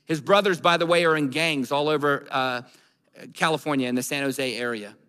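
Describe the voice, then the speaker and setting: A man's voice: fairly high pitch, moderate pace, bright, forceful tone, clear, resonant tone. A man preaching a sermon, telling a story and building to emphatic, repeated declarations. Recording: long hall reverb.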